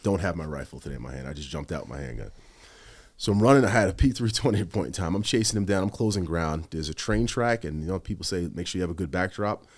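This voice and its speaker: Fast-talking deep-voiced man telling stories. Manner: animated, heavy swearing, quotes himself. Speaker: podcast guest, former police officer. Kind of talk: casual storytelling.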